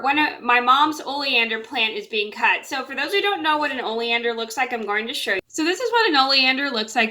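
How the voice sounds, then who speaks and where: Bright-voiced woman telling a rambling story. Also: fairly high pitch. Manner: rambling, many fillers and restarts, repeats "blah, blah". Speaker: storyteller vlogger. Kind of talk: casual storytelling to camera.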